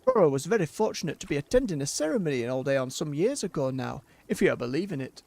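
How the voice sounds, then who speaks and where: A streamer voicing a gentle, formal male creature who runs a tea shop and speaks of himself by name. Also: medium pitch, big pitch swings, quick pace. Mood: wistful.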